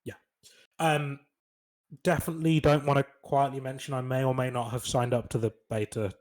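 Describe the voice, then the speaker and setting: A man co-hosting a podcast in casual chat, excitable and quick to marvel at the news. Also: medium pitch. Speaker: podcast co-host.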